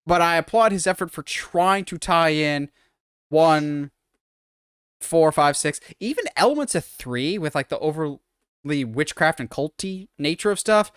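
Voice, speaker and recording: A man's voice: fairly high pitch, animated, a little slow, a bit bright, clear, resonant tone, no room sound, clean studio sound. A man co-hosting a podcast, rambling through an opinionated film breakdown in casual chat. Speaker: podcast co-host.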